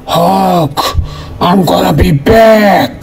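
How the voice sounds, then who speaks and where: A man voicing a boastful male alien villain creature in a toy-figure story, making slow threats. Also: high-pitched, darkish tone, husky, full character voice.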